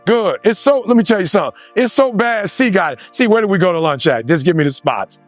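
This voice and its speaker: A man giving an animated motivational speech, repeating lines for emphasis and acting out other voices. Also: sits high, brisk, soft background music. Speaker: motivational speaker.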